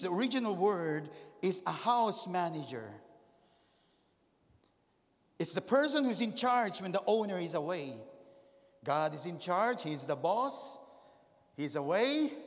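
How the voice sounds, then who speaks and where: A man preaches a sermon in a high, lively voice that leaps up and drops low. He keeps calling questions out to the congregation. The long reverb of a church hall trails after his words. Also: measured pace. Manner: animated, calls out to the congregation with questions. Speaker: pastor.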